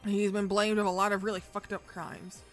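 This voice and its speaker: A woman streamer talks through a recap in a loose, rambling way, cursing often and stopping for fillers. Her voice sits at an ordinary middle pitch, with faint music underneath. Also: little pitch movement, a little fast. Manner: profane, chatty, rambling with fillers. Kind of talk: casual story recap.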